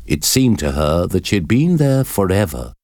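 A man narrating a storybook in a measured, expressive reading. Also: deep voice, dry recording, studio quality.

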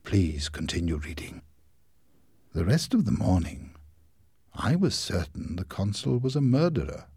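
A man reading a storybook chapter aloud as narrator, expressive and rising in the exciting scenes. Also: low voice, husky, dry recording, studio quality.

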